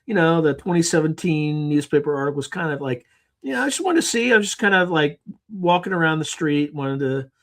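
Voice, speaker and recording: Breezy fake-casual male agent, put on by a man, high and rambling. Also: lively intonation, fairly quick, a bit bright. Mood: feigned nonchalance. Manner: airy, rambling, high-pitched.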